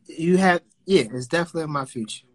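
A man's voice: fairly high pitch, quick pace. A man in casual chat, talking loosely and profanely and often circling back on his words. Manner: loose, profane, rambling and repeats himself.

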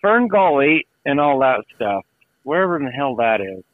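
A man rambles through travel stories in casual chat, swearing freely and acting out what people said. His medium-pitched voice swings widely in pitch at a normal speed, with no room sound but a tinny, phone-like quality.

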